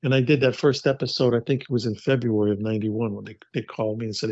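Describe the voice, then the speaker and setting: An older man being interviewed as a guest actor, telling stories in an animated way, acting out the quotes and often repeating words. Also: mid-range voice, rapid-fire, vocal fry, few pauses, dry recording. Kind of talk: casual interview storytelling. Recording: dry, slightly muffled podcast audio.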